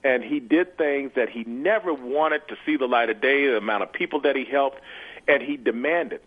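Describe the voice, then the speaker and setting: A man's voice: mid-range voice, moderate pace, husky. Earnest older man on a phone line. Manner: earnest, repeats words while searching for them. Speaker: guest, former football player. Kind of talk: phone interview.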